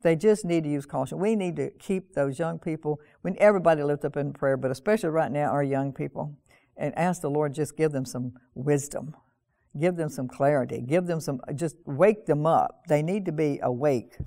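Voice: mid-range voice, normal speed, warm tone, no room sound, studio quality. A pastor preaching a sermon in an earnest manner, often repeating phrases and reading scripture aloud with a raised voice.

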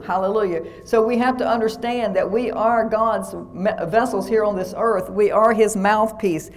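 A woman's voice: mid-range voice, fairly even intonation, moderate pace, hardly any pauses, a little mellow. Woman pastor preaching scripture. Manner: preaching, quoting scripture with repeated "he says". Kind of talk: sermon.

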